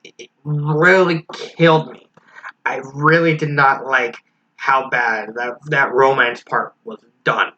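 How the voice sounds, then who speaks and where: A man's voice: medium pitch, steady tone, takes it slowly, pushed and bright. A man giving a casual spoken review of a fan story, frank and critical, thinking aloud as he goes. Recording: slightly dull lo-fi recording with faint hiss.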